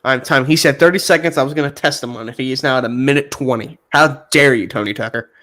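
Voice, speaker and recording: A man chats on a sports stream with a mid-pitched voice that is still a bit hoarse after being sick. He teases his co-hosts with mock indignation. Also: rapid-fire, a bit bright. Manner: playfully indignant, teasing the others. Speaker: co-host. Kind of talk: casual sports chat on a live stream.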